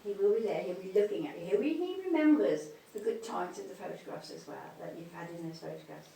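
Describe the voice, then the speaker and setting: A woman's voice: on the low side, animated, brisk, creaky, mellow. A woman giving a live mediumship demonstration, speaking tenderly and calling people darling and sweetheart. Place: spiritualist church hall. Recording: echoey hall, distant mic, faint noise.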